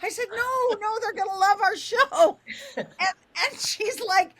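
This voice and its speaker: An older woman radio host telling a funny story, lively and animated, acting out the voices in it. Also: takes it slowly. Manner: lively, acts out quoted voices with big pitch jumps.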